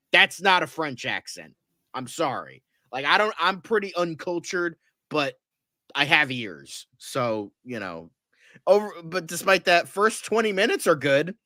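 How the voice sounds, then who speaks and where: A man's voice: a little high, sharp tone, no echo, clean studio sound. A man chatting casually about horror movies as podcast co-host, rambling with lots of fillers and swearing freely.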